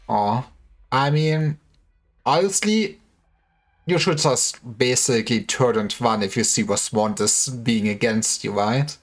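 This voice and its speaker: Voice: medium pitch, takes it slowly. Streamer voicing game dialogue. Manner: switches between dramatic character lines and offhand commentary. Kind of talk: livestream reading game dialogue aloud with voices.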